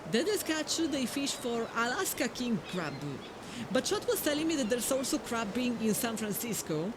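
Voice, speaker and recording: A playful woman with an Italian accent chats to her stream audience as she plays, cracking jokes along the way. Her voice sits a little on the high side. A steady layer of noise runs under her home microphone. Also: normal speed. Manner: playful, jokey, addresses chat. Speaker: game streamer. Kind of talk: casual live-stream commentary.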